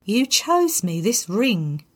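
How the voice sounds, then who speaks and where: A woman's voice: mid-range voice, sing-song, slow pace, slightly rough, full character voice. A woman voicing a scheming, indignant young bride-to-be in a storybook reading. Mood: icy.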